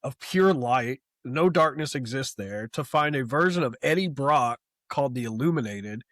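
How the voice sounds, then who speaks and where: A young man co-hosting a casual comic book podcast, talking in an animated, profane way and mocking the characters he retells. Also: medium pitch, normal speed, no room sound, clean studio sound. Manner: animated, profane, mocks characters in quoted asides. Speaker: podcast co-host.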